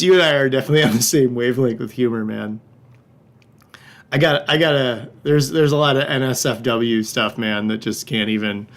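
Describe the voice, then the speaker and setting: A middle-aged man hosting a livestreamed wine tasting class. He talks in a casual, joking, loose way and swears now and then. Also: medium pitch. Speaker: wine shop host.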